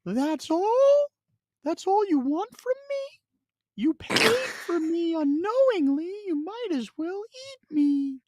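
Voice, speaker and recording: A man's voice: very high-pitched, big pitch swings, takes it slowly, dark tone, pitched above the performer's own voice, full character voice. A man voicing a whiny talking leftover burrito that pleads to be eaten. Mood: needy. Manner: pleading, guilt-tripping, dramatic.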